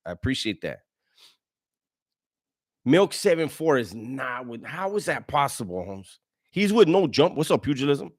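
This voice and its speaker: A man's voice: medium pitch, very animated, unhurried, long pauses. A man hosting a casual livestream, reading chat messages in a slangy way, laughing often and stumbling over his words.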